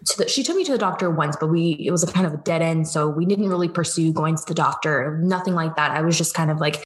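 A woman's voice: sits low, quick pace. A woman in her twenties from Georgia, USA, chatting casually as a podcast guest, laughing often and acting out her own quotes. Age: 20s. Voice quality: animated, laughs often, quotes herself in lively voices. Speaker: guest, business coach. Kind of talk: casual interview chat.

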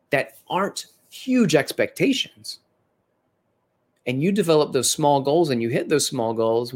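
A man, a fitness educator and personal trainer, giving a conversational instructional lecture in an earnest, encouraging way with occasional self-corrections. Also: medium pitch.

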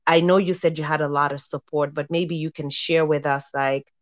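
A woman's voice: sits low, steady tone, moderate pace, dry recording. A woman hosting a casual panel discussion, thanking a guest and asking long, searching questions. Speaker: host.

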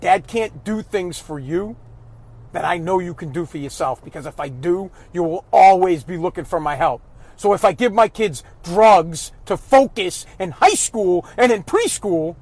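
High-voiced man ranting bluntly. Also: sing-song, moderate pace, darkish tone, no echo. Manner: blunt, swears heavily, raises voice in anger. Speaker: father giving opinions. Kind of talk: profane ranting monologue.

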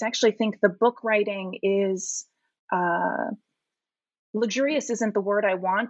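A woman author giving an interview, speaking in a measured, articulate way and pausing to search for the right words. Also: medium pitch, fairly bright tone, no echo. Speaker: guest author. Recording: dry muffled remote line.

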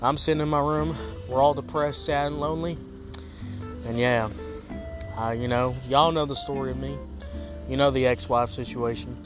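A man's voice: mid-range voice, steady tone, normal speed, pauses often. A man hosting a casual comedic music review show, rambling and joking in a laid-back way.

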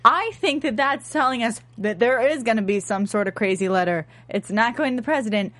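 A woman co-hosting a casual show about a TV series, lively and opinionated as she talks through her theories. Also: a little high, a little fast, no echo. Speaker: podcast co-host discussing a TV series. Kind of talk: casual chat.

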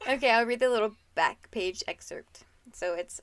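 A young woman co-hosting a casual book podcast, chatty and quick to laugh, filling her talk with "like.". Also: fairly high pitch, clear, resonant tone, no echo. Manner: chatty, laughs often, lots of "like". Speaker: podcast co-host.

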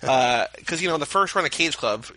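A man's voice: a little high, lively intonation, fairly quick, crowd noise, rough recording. A man co-hosting a podcast, chatting casually about a movie and dropping trivia as he goes. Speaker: podcast co-host. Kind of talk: casual movie commentary chat.

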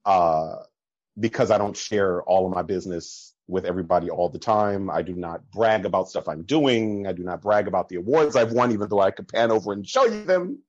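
A man talks as a podcast guest, a little low in pitch, and he tells his stories with energy, acting out what others said. The audio is dull and lo-fi. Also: fairly quick, dry recording. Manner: animated storytelling with laughs and quoted voices. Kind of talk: casual conversation.

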